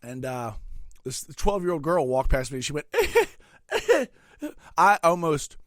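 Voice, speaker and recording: A middle-aged man hosting a podcast alone, ranting crudely and profanely with sudden loud outbursts while eating. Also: a little high, normal speed, no echo, studio quality. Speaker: podcast host. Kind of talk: solo comedic rant.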